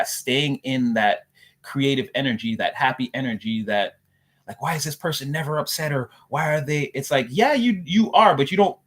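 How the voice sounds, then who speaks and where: A man's voice: medium pitch, a bit bright. Man, spiritual reader, rambling, repetitive, talking straight to viewers. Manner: rambling, repeats "again" often.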